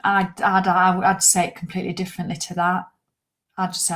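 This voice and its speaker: Woman in her 50s rambling on a live chat, swears a lot, medium pitch. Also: fairly even intonation, moderate pace. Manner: chatty, rambling, swears for laughs. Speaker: livestream host. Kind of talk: casual live chat to viewers.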